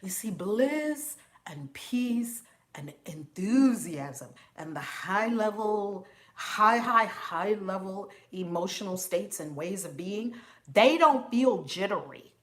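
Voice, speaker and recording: A woman's voice: medium pitch, lively intonation, slow. A woman hosting a live stream as a spiritual teacher, talking casually and with animation, laughing often and calling out viewers by name.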